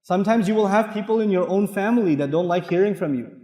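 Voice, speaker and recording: A man giving an Islamic sermon with humorous stories and animated, acted-out asides. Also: high-pitched, fast. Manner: animated, humorous, acts out quoted voices. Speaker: Islamic lecturer. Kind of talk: sermon with storytelling. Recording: echoey hall with long reverb.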